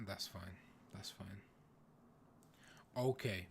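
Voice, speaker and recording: A man hosting a casual livestream, chatting with viewers in a playful, teasing way and often breaking into loud exclamations. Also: fairly low pitch, takes it slowly, long pauses, noisy background. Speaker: livestream host. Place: home, in the UK.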